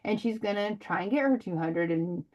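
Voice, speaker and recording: A woman's voice: medium pitch, expressive, normal speed, a little mellow, muffled recording. Middle-aged woman rambling through a team sales meeting, lots of ums, chatty. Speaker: direct sales team leader. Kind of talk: casual team meeting talk.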